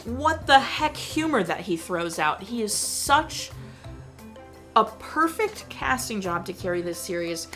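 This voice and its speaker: A young woman vlogger ranting in casual chat about a movie, animated and exasperated, with lots of filler words. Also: medium pitch, a little slow, faint music behind.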